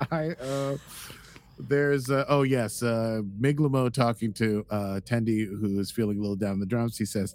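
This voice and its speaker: A male podcast co-host in casual chat, with a middle-pitched voice. He rambles playfully and trails off into fillers as he searches for his thoughts. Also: a little mellow.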